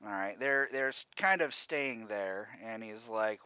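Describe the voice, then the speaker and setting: A man's voice: lowish voice, a little slow, sharp tone, smooth, no room sound, muffled recording. A man running a tabletop game as game master, who rambles, thinks aloud and laughs often.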